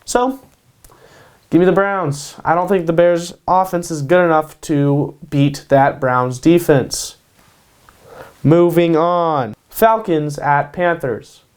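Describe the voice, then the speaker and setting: Slow-talking hyped man giving sports picks. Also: on the high side, clear, resonant tone. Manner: hyped, repeats his picks, tacks on "baby". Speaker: host. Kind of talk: casual sports predictions monologue. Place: home in Kansas.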